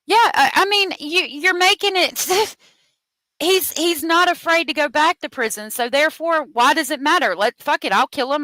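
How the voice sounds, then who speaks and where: A woman's voice: on the high side, a bit bright, dry recording, rough recording. Fired-up woman hosting a crime livestream. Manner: heated and profane, thanks viewers for super chats. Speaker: true crime livestream host. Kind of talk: angry live commentary.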